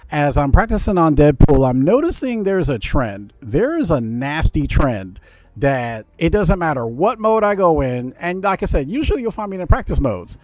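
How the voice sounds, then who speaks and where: Gaming guy ranting about teammates, lively up and down voice, music going in the back. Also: on the high side, no room sound. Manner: animated, indignant ranting with mocking quoted voices. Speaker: gaming channel host. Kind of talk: ranting gameplay commentary. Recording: music playing behind voice.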